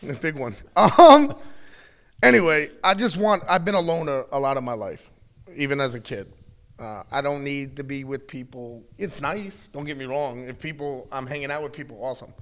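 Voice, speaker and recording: A middle-aged man in a candid interview, talking bluntly and with plenty of swearing as he tells animated stories. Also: medium pitch, fairly quick. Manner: blunt, profane, animated storytelling. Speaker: wrestling guest.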